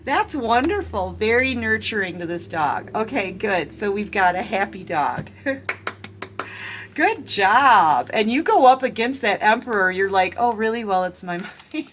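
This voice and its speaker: A woman's voice: mid-range voice, big pitch swings, unhurried, a bit bright, a little hiss or hum. A woman giving a casual tarot reading, chatting and giggling as she talks straight to her viewers. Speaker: tarot reader.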